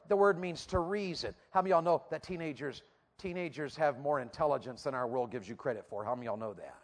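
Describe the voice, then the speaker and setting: A man's voice: fairly high pitch, quick pace. A man preaching a sermon to teenagers, asking emphatic, repeated rhetorical questions. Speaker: youth preacher. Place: church platform before a youth audience.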